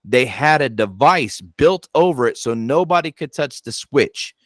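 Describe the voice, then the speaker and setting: A man hosting a paranormal channel, chatting casually and telling animated stories, swearing and acting out his own reactions. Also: medium pitch, a little slow, no echo, studio quality. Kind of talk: casual chat.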